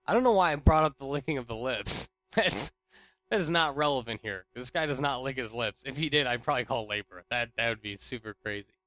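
A young man casually rambling through an anecdote, restarting sentences and swinging between loud bursts and near mumbles. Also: medium pitch, animated, a little fast, no room sound. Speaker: storyteller.

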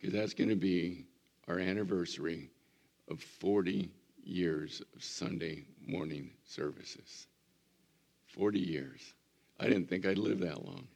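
A man in his seventies, a pastor preaching a folksy, storytelling sermon with a hoarse, recovering voice. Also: low-pitched, slow pace. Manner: folksy storytelling, animated when mimicking. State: hoarse, recovering voice after surgery.

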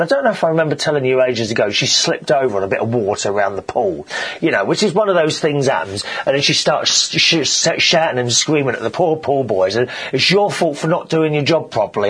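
A man hosting a show, telling gossipy stories in a casual, animated monologue. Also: medium pitch, brisk, slightly rough. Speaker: show host.

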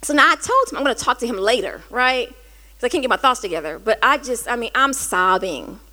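Woman host, high-pitched, candid storyteller, warm confessional chat. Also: a little fast. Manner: earnest, conversational, rising to animated quoted dialogue.

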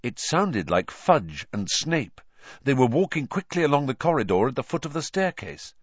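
A man narrating an audiobook in a lively, dramatic reading style, putting on character voices. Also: mid-range voice, normal speed, breathy edge, dry recording, highs cut off.

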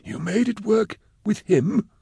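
Brief: a broken, exhausted mage, high, gravelly and slow, begging to rest. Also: male voice, expressive, mellow, dry recording, heavily acted. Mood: weary pleading. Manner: weak, whimpering and drawn-out. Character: exhausted, pleading male mage near collapse.

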